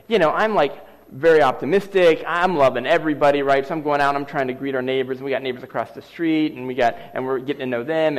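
A middle-aged man preaching a sermon, telling a personal story with lively, animated delivery. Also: medium pitch. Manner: animated storyteller acting out scenes. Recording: long reverb of a large hall.

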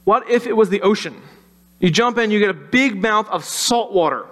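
A man's voice: sits high, lively intonation, normal speed, fairly bright tone. A man preaching a children's sermon in a conversational way, asking the kids questions. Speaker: pastor.

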